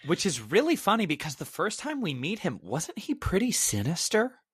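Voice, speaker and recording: A man co-hosts a casual podcast with a lively voice that swings up and down in pitch. He gives thoughtful opinions mixed with playful asides. The sound is dry and close. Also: moderate pace, breathy edge, no echo. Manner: reflective, offers critical opinions, playful asides. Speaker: podcast co-host.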